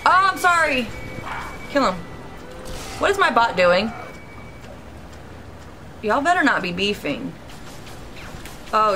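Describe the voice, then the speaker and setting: A woman's voice: fairly high pitch, bright, forceful tone. Chatty reactive young woman gamer. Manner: chatty and reactive, talks to viewers, sudden yelps. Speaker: gaming YouTuber. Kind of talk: casual let's-play commentary.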